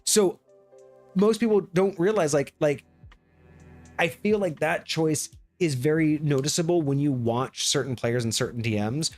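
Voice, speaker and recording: A man hosting a tabletop gaming live stream in casual chat, animated and often acting out quick bits of dialogue. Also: fairly high pitch. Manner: animated, acts out quick snippets of players and guards. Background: faint background music.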